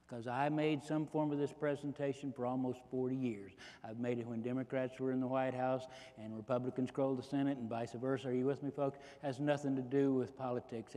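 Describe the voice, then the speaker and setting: A man in his fifties speaks at a conference keynote, folksy and joking, and keeps throwing rhetorical questions at the crowd. His voice sits at an ordinary middle pitch. A long reverb trails off every phrase in the large hall. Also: dark tone. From Texas. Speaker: economist giving a keynote talk.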